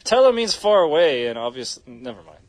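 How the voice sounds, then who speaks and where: A man's voice: fairly high pitch, very animated, a little fast. A male radio co-host in a studio, cracking jokes in casual on-air banter. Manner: wisecracking.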